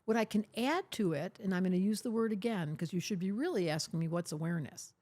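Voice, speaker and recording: An older woman astrologer speaks fast in a medium-pitched, mellow voice. As a guest on a podcast interview, she talks emphatically and teasingly, often acting out the voices of people she quotes.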